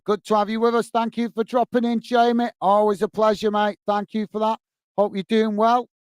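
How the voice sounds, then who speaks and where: A man hosting a football watch-along, commentating on the match and chatting warmly with viewers in the chat. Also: sits high, little pitch movement, moderate pace, smooth, no echo. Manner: chatty, says "mate" a lot, reads chat messages aloud.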